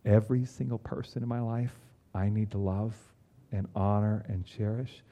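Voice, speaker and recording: A man preaching a sermon in an earnest way, with emphatic rises and quiet low drops. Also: fairly even intonation, moderate pace, lo-fi sound. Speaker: pastor.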